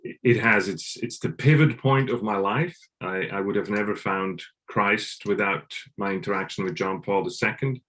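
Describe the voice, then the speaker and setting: A man from Switzerland, a guest in a casual interview, talking in halting bursts with many restarts. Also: lowish voice, a bit bright.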